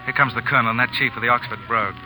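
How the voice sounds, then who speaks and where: An actor playing a brash, teasing young officer from Canada, in 1940s radio acting style. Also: male voice, mid-range voice, fairly even intonation, racing, over music, lightly acted, poor audio. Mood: bantering.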